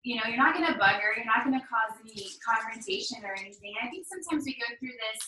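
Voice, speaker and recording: A woman's voice: on the high side, animated, quick pace, sharp tone. A woman in a workshop earnestly sharing a personal example and reflecting on it. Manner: earnest, reflective, some restarts. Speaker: workshop participant. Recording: roomy echo, distant mic, faint noise.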